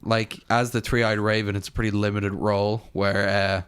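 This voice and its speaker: A man co-hosting a casual podcast chat, laying out measured opinions. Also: fairly low pitch, flat delivery, a bit bright, clear, resonant tone. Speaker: podcast co-host.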